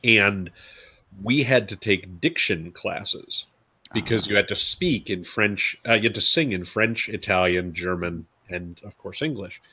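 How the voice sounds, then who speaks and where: Male co-host, low pitch, sharp bright tone, talkative storyteller. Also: unhurried, slightly rough. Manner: talkative, storytelling, laughs easily. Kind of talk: casual chat.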